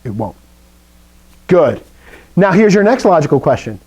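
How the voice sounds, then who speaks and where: Man, Greek teacher, live classroom lesson, animated and playful, mellow tone, slightly high voice. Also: unhurried, husky, poor audio. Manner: animated, playful explaining with questions to students.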